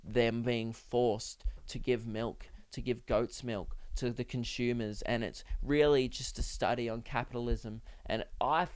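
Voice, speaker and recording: A man's voice: mid-range voice, smooth. An Australian man hosting a solo comedy podcast, ranting sarcastically and swearing in mock outrage.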